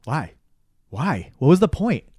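A man's voice: a little high, big pitch swings, unhurried, a little mellow, husky, dry recording, clean studio sound. A man in casual talk, animatedly retelling a movie plot with swearing and acted-out lines. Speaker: podcast co-host. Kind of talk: casual movie recap chat.

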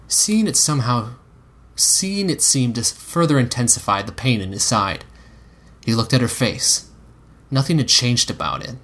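A man narrating an audiobook in a measured storytelling manner. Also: medium pitch, fairly bright tone, breathy edge.

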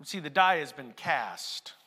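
A man preaching a sermon, swinging between hushed passages and shouted emphasis. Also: fairly high pitch, animated, a little slow, husky. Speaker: pastor. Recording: long hall reverb.

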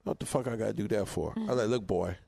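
A man co-hosting a podcast in casual chat, an animated storyteller who acts out his relatives' lines. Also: lowish voice, fast talker, creaky, breathy edge, no room sound, studio quality. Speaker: podcast co-host.

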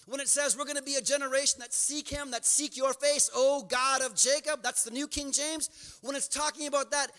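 High, bright-voiced preaching man in a hall. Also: moderate pace. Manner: builds from quiet storytelling to impassioned, near-shouted preaching. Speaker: pastor. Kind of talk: sermon. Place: church sanctuary. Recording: church hall reverb.

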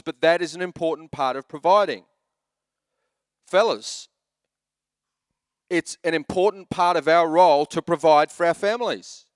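Brief: lively male pastor in his thirties, joking sermon delivery, slightly high voice, dry close sound. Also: smooth, no room sound. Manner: animated, joking storyteller who shifts into exhortation.

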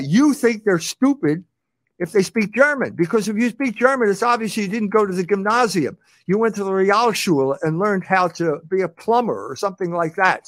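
A man's voice: sits high, a bit bright, no room sound, clean studio sound. A man commenting on a clip in a mocking manner, laughing and repeating his words.

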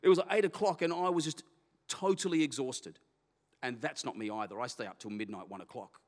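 Pastor in an echoing hall. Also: male voice, medium pitch, brisk. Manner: candid storytelling, animated, self-deprecating. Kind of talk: personal testimony sermon. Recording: long hall reverb.

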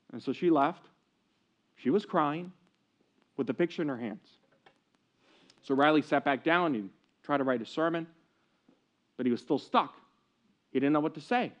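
A man's voice: a little high, normal speed, long pauses. A man preaching a sermon at a church service, telling a story earnestly, in a dull lo-fi recording. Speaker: pastor. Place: church service, streamed online.

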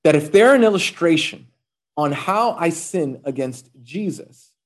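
A man's voice: on the high side, animated, a little slow. A man preaching a sermon in a conversational, joking way, with fillers and restarts. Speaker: pastor.

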